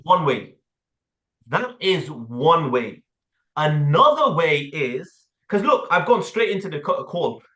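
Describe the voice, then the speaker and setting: A man with an English accent coaching a sales team, blunt and animated, with casual slang and the odd swear word. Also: fairly high pitch, slow pace, echoey room. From England. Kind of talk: sales training talk with role-play.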